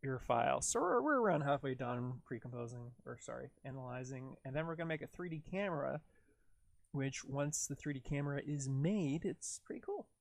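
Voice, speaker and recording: Man, relaxed livestream editor, rambling and jokey, gravelly edge, dry mic. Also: mid-range voice, brisk, no echo. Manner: rambling, self-narrating, jokey. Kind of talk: casual live tutorial talk.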